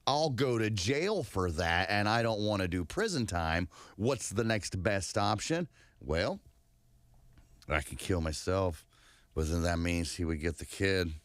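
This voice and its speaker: A drunk, bitter woman, slurring and slow, her words halting as she talks herself into something dark, as a man with a deep voice puts her on. The sound is close and dry. It reads as a quick impression in casual conversation. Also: dry recording. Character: drunk, bitter, distraught woman plotting revenge.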